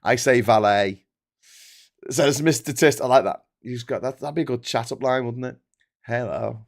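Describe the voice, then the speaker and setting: A middle-pitched man in his fifties with a British accent chats on a live stream. He reads out comments from his audience. He rants about word usage, swearing freely and often restarting his sentences. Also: moderate pace. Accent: British English. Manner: ranting and swearing, animated, with frequent restarts. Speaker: livestream host. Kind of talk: casual live-stream chat reading viewer comments.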